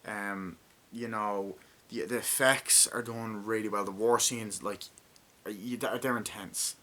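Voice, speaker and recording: Bright-voiced man rambling through a film review. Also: on the low side, steady tone, measured pace. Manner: rambling, swears a lot; acts out scenes with shouted lines. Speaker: movie reviewer. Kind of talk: casual movie review.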